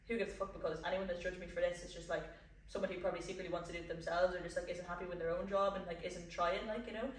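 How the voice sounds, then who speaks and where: A young woman hosts a podcast, talking very fast in long run-on sentences. She is heard from a distance in an echoey room. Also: lowish voice, little pitch movement. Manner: rapid, run-on sentences full of "like". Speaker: podcast host. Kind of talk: casual podcast conversation.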